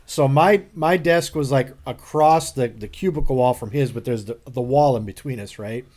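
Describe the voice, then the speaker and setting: A man from Wisconsin, a podcast co-host telling a workplace prank story among friends, animated and acting out other people's lines. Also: mid-range voice, moderate pace. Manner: animated, acts out coworkers' lines with laughs.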